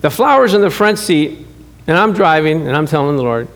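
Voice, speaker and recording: Man, pastor, middle-aged, high voice, lively story-driven sermon, chuckling asides. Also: a little fast. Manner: animated storytelling, acts out dialogue, chuckles often. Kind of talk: sermon with personal stories.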